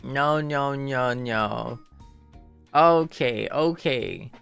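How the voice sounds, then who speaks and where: A man's voice: medium pitch, drawn-out words, gravelly, fairly bright tone, clear, resonant tone, soft background music. A man chatting casually on his livestream in a playful, rambling way, full of "like" and repeated phrases.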